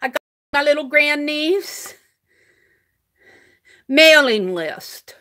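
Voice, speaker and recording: A woman's voice: high voice, lively intonation, extremely slow, bright, forceful tone. An older woman live-streaming her crafting, chatting casually, reading viewers' comments aloud and laughing often. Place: home craft room.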